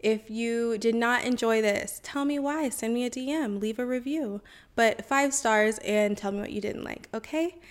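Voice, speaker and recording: Woman host, fairly high pitch, casual encouraging podcast talk. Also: moderate pace. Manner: chatty, encouraging, says y'all and okay often.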